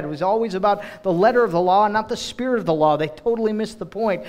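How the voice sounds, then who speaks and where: Casting note: male preacher, slightly high voice, expressive delivery with quick restarts. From United States. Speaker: director of global partnerships speaking in church. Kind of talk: sermon.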